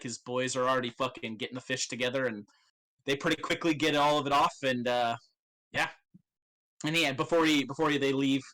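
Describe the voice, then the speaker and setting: A man's voice: medium pitch, sharp tone. A young man narrating as game master in a casual, swear-filled way.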